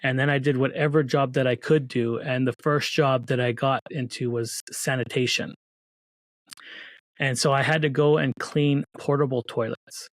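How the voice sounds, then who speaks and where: Earnest guy talking about his life in an interview, mid pitch, close dry mic. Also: fairly even intonation, normal speed, dry recording. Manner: earnest, faith-filled storytelling with restarts. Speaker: guest, children's book author. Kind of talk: casual interview talk.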